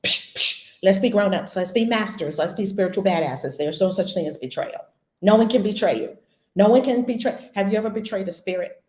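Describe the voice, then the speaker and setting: A woman giving a spiritual lesson as a teacher, blunt and animated, swearing casually. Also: medium pitch, a little fast. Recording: echoey room.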